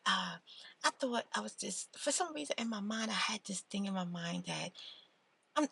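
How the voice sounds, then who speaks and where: A woman telling a personal story in a soft-spoken ASMR style, chatty and casual. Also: gravelly, slightly rough. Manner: soft, low-key delivery. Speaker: storytime channel host.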